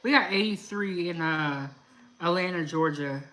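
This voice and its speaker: Bright-voiced chatty woman live streamer. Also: on the low side, a little slow. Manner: chatty, laughs often, reads viewer comments aloud. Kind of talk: casual chat reading live comments.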